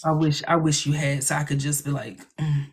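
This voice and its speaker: A man's voice: a little high, flat delivery, a little fast. Chatty, sarcastic man hosting a live stream. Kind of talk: casual live-stream chat.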